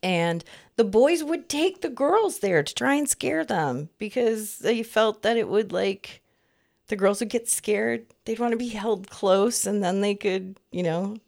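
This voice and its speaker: A woman's voice: mid-range voice, lively intonation, measured pace, gravelly, darkish tone. A woman in her fifties co-hosting a podcast, chatting in a rambling, easygoing way and laughing often. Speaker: podcast co-host. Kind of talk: casual chat.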